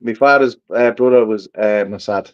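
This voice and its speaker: A man's voice: on the low side, normal speed, dull audio. An Irish man bantering on a casual podcast, teasing and laughing often.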